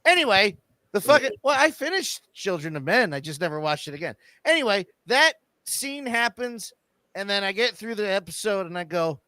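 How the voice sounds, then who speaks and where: A man's voice: sits high, a little fast, no echo. A man co-hosting a casual podcast chat, ranting and swearing with lots of energy. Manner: ranting, profane, animated. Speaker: podcast co-host.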